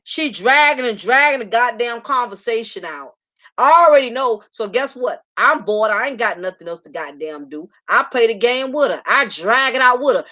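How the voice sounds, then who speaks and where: A woman's voice: a little high, bright, forceful tone. A woman hosting a live show, telling a story to her audience in a brash, profane, sassy way. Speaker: host.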